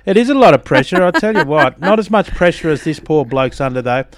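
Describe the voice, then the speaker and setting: Animated Australian man, radio host. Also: on the high side, brisk, dry recording. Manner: animated, laughs often, jokey. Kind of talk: casual radio chat and storytelling.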